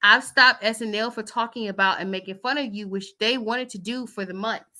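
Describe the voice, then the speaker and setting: A woman's voice: medium pitch, fairly even intonation, brisk, sharp tone. A woman chatting casually as host, reading out text messages with loose asides.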